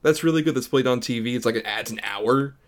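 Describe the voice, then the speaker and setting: A man co-hosting a casual film podcast, talking at length and laughing often. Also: mid-range voice. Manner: talkative, quick restarts, laughs often. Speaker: podcast co-host.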